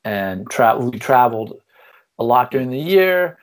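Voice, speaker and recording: A man's voice: mid-range voice, expressive, unhurried. Jokey American man co-hosting chat. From United States. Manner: jokey, acts out voices of others. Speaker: podcast co-host. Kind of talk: casual comedic chat.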